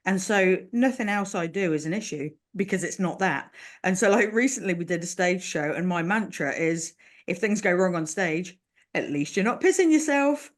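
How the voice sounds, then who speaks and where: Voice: medium pitch, moderate pace. A podcast host, laughing often. The talk is casual and self-deprecating. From New Zealand. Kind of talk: casual chat.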